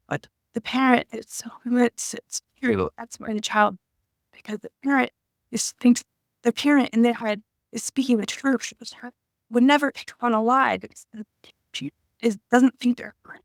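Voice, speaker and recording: A woman in her thirties talking to camera about her own past, halting and emotional, often searching for words. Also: a little high, steady tone, vocal fry, dry recording, studio quality. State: tearful at times. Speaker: vlogger. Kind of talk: personal reflective talk to camera.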